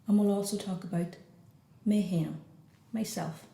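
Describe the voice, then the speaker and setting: Irish woman teaching phrases slowly. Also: mid-range voice, fairly even intonation, gravelly, dark tone, reverberant. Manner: slow, repeats each phrase twice. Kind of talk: beginner language lesson.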